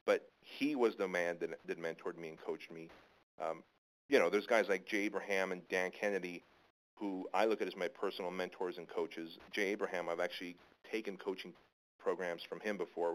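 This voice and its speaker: Male guest, casual storyteller; slightly low voice, rambling, with frequent restarts. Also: rough recording. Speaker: interview guest.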